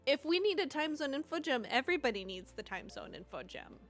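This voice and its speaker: A high-voiced woman in her thirties chats through a live coding stream, telling stories with lively, animated asides. Soft music plays faintly behind her. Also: a little fast. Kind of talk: casual chat while coding.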